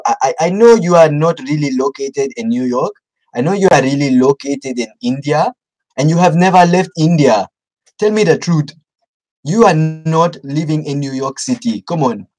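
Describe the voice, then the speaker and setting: A man's voice: on the high side, a little mellow. A man playing a blunt, preachy Nigerian caller in a put-on Nigerian accent, pushing and lecturing on a prank phone call. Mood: mocking. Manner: pushy, lecturing, repeats himself. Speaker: scambaiter.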